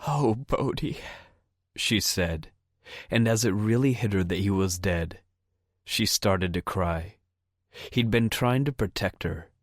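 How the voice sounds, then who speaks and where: Audiobook narrator: low, unhurried, measured man, dry studio read. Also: no room sound. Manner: steady, measured reading. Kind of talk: scripted narration.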